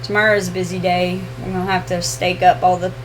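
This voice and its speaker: A woman co-hosting a casual live question-and-answer chat, easygoing and quick to laugh. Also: fairly low pitch, little pitch movement, slight background noise. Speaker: co-host of homestead channel.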